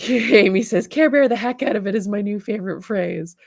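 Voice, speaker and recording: A woman with a Canadian accent, hosting a casual livestream, bubbly and quick to laugh as she chats with viewers. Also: mid-range voice, vocal fry, no echo, studio quality. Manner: bubbly, reads chat comments aloud and laughs often. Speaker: livestream host, studio owner.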